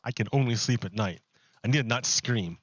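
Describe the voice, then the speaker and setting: A man streaming a video game, chatting casually in a rambling, animated way and restarting his sentences often. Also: medium pitch, brisk, slightly rough, dry recording, dull audio. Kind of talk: casual chat while gaming.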